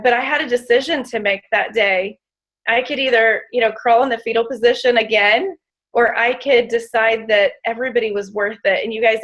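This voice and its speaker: Woman, slightly high voice, emotional inspirational testimony, emphatic. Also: fairly bright tone, poor audio. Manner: emotional, emphatic, addresses audience as "you guys". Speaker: motivational speaker.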